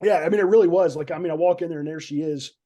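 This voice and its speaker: A man talks through a story on a podcast, circling back and repeating words as he goes. His voice sits a little high, but its tone is dark and mellow. He sounds like an excited guest recounting a film shoot. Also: racing. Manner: rambling, repeats words when nervous.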